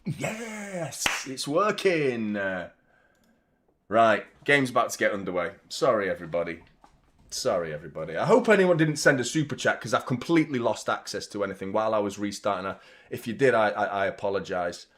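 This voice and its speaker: A man's voice: lowish voice, animated, normal speed, a bit bright. Male fan-channel host, live watchalong chat, exasperated rambling with casual swearing.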